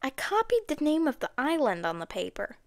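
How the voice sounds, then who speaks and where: A woman's voice: high voice, wildly swooping pitch, fairly quick, no echo, clean studio sound, pitched above the performer's own voice, exaggerated voice. A woman reading an audiobook, voicing a modest, clever middle-aged housekeeper. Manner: modest, a little worried.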